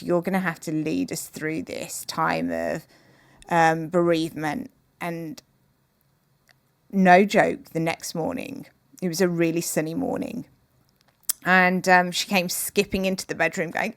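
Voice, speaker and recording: Low-voiced woman, gravelly and earnest. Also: fairly even intonation, a bit bright, no echo. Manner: earnest, measured and openhearted. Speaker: podcast guest, author. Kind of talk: reflective interview conversation.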